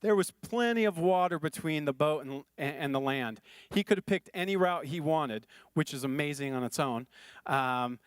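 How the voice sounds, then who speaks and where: A male pastor delivers a sermon in an earnest, chatty manner and repeats his phrases for emphasis. His voice sits fairly high for a man. The recording is dry and close, with no room echo. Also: normal speed, smooth.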